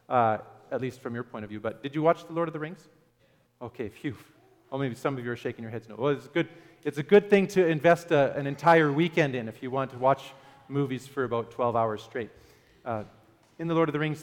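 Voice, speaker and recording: Man preaching in a reverberant hall. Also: a little high. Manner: conversational, asks the audience questions, some "uh" fillers. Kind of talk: sermon.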